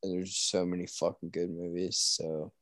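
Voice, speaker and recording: Animated young man on a dry mic. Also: low voice, normal speed, no echo. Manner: animated, swearing, bursts into loud outcries. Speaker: podcast co-host. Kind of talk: casual chat.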